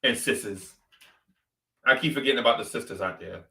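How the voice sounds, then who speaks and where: A man rants in casual sports talk, animated and repetitive as he trash-talks. His voice is very bright and edgy. He sits back from the mic in a roomy, echoing space. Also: mid-range voice, fairly quick, gravelly, recorded from a distance. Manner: animated, trash-talking, repeats phrases for emphasis. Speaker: sports podcast host.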